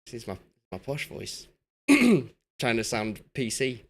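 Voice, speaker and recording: A young man from Yorkshire talks casually to his viewers as he streams, excitable and chatty. His pitch swings lively up and down as he reacts to the chat. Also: takes it slowly. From Yorkshire, England. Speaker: game streamer. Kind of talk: casual live-stream commentary.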